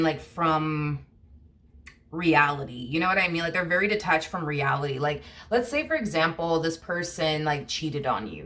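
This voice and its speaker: A woman's voice: low voice, noisy background. A woman giving a casual tarot reading to camera, rambling and full of fillers like "you know what I mean". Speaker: tarot reader.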